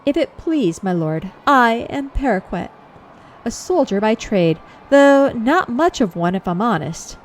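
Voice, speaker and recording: A woman voicing a lowborn male soldier in a fantasy game who talks in rough, folksy common speech. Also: sing-song, a little slow, a little hiss or hum. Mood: frank.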